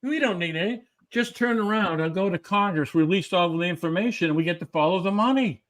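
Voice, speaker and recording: A man with a notably high voice, speaking as a podcast guest. He talks emphatically, stacking rhetorical questions one after another. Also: fairly quick, fairly bright tone. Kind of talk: animated interview talk.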